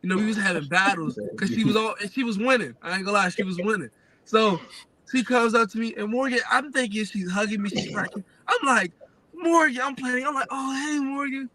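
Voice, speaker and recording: A young adult man telling a family story in a casual, animated way, full of fillers. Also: high voice, fast talker. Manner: lively, animated retelling with many fillers. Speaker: guest sharing family story.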